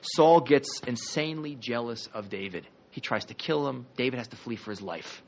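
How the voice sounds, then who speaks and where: A man teaching a history class as a rabbi, telling the story in a lively, conversational way with jokey asides. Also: medium pitch, moderate pace.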